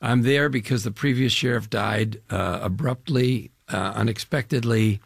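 A man's voice: medium pitch, normal speed, creaky, no room sound. An older man from the US Midwest, an actor talking about his film in an interview, enthusiastic and rambling with fillers. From Chicago area, US Midwest. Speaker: actor guest. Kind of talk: interview conversation.

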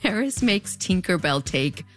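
A woman's voice: on the low side, very animated, unhurried, soft background music. A woman in her thirties with a fronterizo border accent, narrating a scripted commentary with wry, playful asides. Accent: US-Mexico border (fronterizo). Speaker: video essayist.

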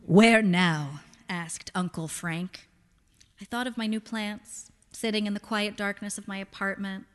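A woman narrating literary fiction in a dry, wry storytelling manner. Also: medium pitch. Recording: long hall reverb.

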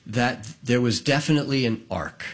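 A male host asking curious, measured questions on stage, and announcing the recording. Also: mid-range voice. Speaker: radio interviewer host.

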